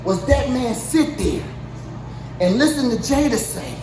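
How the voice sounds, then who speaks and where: High-voiced woman ranting crudely, echoey room. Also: animated, measured pace. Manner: heated, crude, incredulous, swings from mutter to yelling. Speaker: show host. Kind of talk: profane comedic rant. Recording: echoey, distant mic, noisy ambience.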